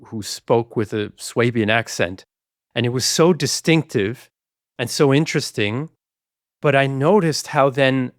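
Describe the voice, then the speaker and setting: A man's voice: medium pitch, no echo, clean studio sound. A man co-hosting a podcast, telling a casual personal story in a chatty way. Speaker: podcast co-host. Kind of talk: casual anecdote.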